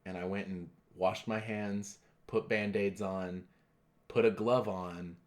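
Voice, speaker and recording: Young man, low voice, casual podcast chat, filler-heavy storytelling. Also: steady tone, takes it slowly. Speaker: podcast co-host.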